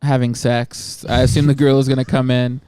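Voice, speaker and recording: Male co-host, steers the chat, clear dry voice. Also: medium pitch, flat delivery, moderate pace, mellow, dry recording. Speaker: podcast co-host. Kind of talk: casual podcast chat.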